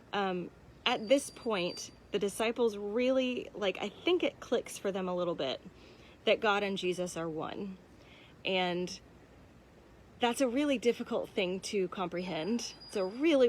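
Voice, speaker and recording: A young adult woman giving a casual church devotional, conversational and candid, with many "um"s and "like"s. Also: mid-range voice. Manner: conversational, frequent "um" and "like", personal and candid. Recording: faint background noise.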